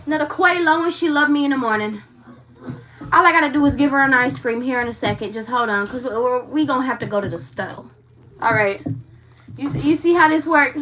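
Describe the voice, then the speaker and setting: A woman with a bright, forceful, fairly high voice hosting a live tarot reading. She talks frankly and with animation straight to her viewers. She sits a little back from the mic. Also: brisk, distant mic, a little hiss or hum. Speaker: tarot reader.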